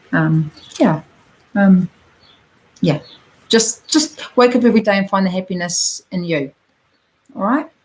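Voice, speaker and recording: A woman with a New Zealand accent giving a gentle, encouraging oracle card reading to viewers, talking directly to them with plenty of ums. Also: medium pitch, rough recording.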